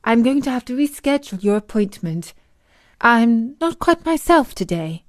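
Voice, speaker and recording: A woman's voice: on the high side, big pitch swings, moderate pace. Brief: a shaken fake witch woman, read by a woman, flustered and apologetic.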